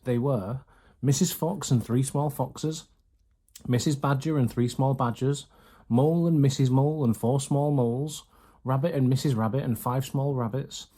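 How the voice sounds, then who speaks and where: Husky-voiced man reading a storybook. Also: medium pitch. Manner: steady, even storytelling. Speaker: reader. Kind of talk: storybook read-aloud.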